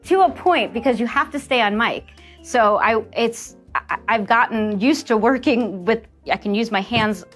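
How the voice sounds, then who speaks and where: Chatty, lively woman from New Jersey. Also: a little high, faint music behind. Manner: lively and chatty, laughing and dropping into quick character voices. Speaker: voice actress guest. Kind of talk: casual interview talk.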